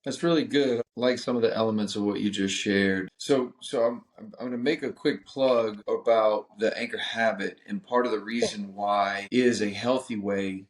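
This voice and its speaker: A man's voice: on the low side, fairly even intonation, normal speed, few pauses, reverberant. A man hosting a podcast, talking earnestly with a few stumbling restarts. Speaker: podcast host. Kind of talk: casual conversation.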